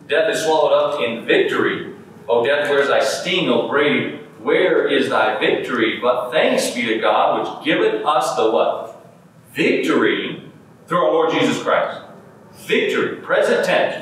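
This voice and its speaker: A man preaches in a church sanctuary, reading scripture aloud and tossing rhetorical questions at his listeners. His voice sits at an ordinary middle pitch. It carries through a very echoey room, picked up from some distance away. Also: fairly bright tone, slight background noise. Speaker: pastor. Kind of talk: sermon.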